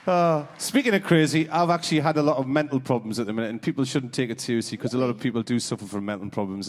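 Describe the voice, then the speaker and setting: A man's voice: medium pitch, quick pace, big-room sound. A man doing live stand-up as half of a comedy double act, chatting with the audience between jokes. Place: theatre stage.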